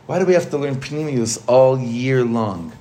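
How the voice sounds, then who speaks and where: A man's voice: medium pitch, animated, normal speed, warm tone. A man, a rabbi, teaching a casual Torah class in a conversational way, asking the group questions and mixing in Hebrew terms.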